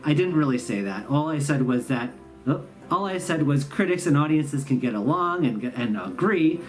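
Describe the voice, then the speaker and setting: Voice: mid-range voice, lively intonation, normal speed, faint music behind. A host, telling a sarcastic, rambling comic story about the holidays. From Midwestern US. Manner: sarcastic, rambling, self-mocking. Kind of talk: comedic storytelling monologue.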